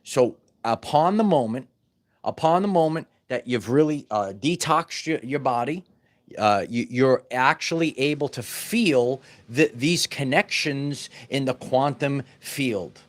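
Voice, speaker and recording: A man's voice: mid-range voice, animated, unhurried. Emphatic man teaching spiritual wellness. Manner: emphatic, repeats words, many restarts. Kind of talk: casual spiritual teaching monologue.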